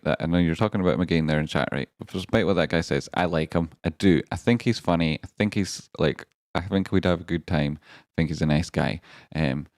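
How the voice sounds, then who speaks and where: A man hosting a live stream in a rambling, excitable way, swearing now and then and swinging between grumbling and hype. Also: extremely low pitch, no echo, studio quality. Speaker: stand-in livestream host. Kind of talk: casual live-stream chat.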